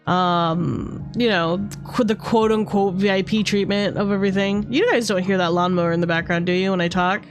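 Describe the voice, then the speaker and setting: A woman's voice: medium pitch, fairly even intonation, moderate pace, few pauses, faint music behind. A young woman from Canada chatting casually on a livestream, rambling with lots of fillers and swearing freely. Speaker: streamer.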